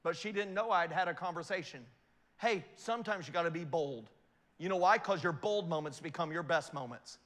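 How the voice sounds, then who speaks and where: A middle-aged man giving a motivational talk to an audience, an animated storyteller who keeps asking whether his points make sense. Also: a little high, brisk, long reverb tail. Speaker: investment speaker.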